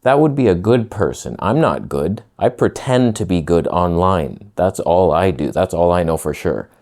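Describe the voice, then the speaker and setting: A man's voice: deep voice, animated, a little slow, a little mellow. A young man ranting casually to camera in a sarcastic, crude way, slipping into mocking voices. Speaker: vlogger.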